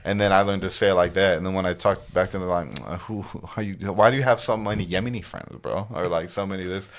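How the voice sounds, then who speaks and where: A man with a very low, deep voice talks in an easy podcast chat. He is from Detroit and rambles loosely, tossing in "like" and "bro" and chuckling along. The tone stays relaxed and conversational. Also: quick pace. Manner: loose and chatty, with lots of "like" and "bro" and laughs. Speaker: podcast guest, rapper.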